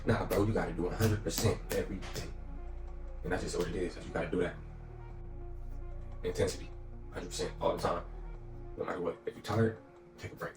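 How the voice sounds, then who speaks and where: Deep-voiced man giving a fast motivational talk. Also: flat delivery. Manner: slangy, emphatic, repeats phrases. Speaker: motivational speaker. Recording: echoey room, distant mic, music behind.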